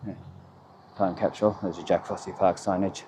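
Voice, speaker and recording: A low-voiced man strolls outdoors, narrating his town in loose, self-correcting fragments. His delivery is casual and wandering, with a faint outdoor hiss and insects in the background. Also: level tone, a little fast. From Australia. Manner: rambling, chatty, self-correcting, speaks in short fragments. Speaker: vlogger giving a walking tour of his town. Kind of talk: casual walking-tour commentary. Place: outdoors on town streets by a river.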